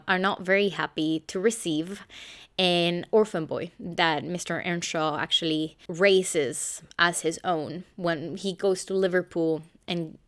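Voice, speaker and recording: Young woman, scripted book review, low smooth voice, measured and steady.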